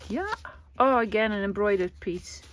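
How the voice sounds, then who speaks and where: Brief: enthusiastic woman, casual crafting vlog, chatty, mid-pitched. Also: animated, normal speed. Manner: gushing, chatty, exclaims "oi". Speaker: craft vlogger. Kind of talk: casual show-and-tell.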